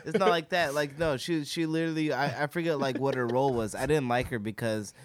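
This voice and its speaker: A young man chatting casually, telling a story in a halting way and often repeating words. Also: mid-range voice. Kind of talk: casual podcast chat.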